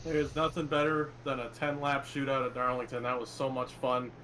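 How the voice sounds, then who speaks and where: A man's voice: mid-range voice, level tone, moderate pace, a bit bright, slight background noise. A young man talking after winning a sim race, enthusiastic and polite, answering with yes sir. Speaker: race winner, interviewee. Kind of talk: casual post-race interview.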